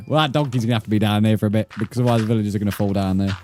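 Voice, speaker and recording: A man with a British accent, giving profane, excitable live commentary while streaming a game. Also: lowish voice, racing, faint music behind. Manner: profane, excitable, mock-outraged. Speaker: gaming streamer.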